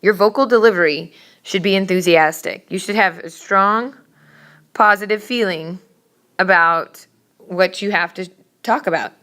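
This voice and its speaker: Lecturing her class on public speaking, a woman teacher sounds brisk and emphatic, now and then telling her students off. Her voice is medium in pitch, pushed and bright.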